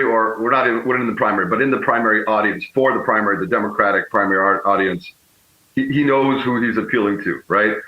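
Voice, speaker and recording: Man, low voice, political strategist, measured, self-correcting, echoey room. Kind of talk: remote guest commentary. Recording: echoey, muffled remote feed.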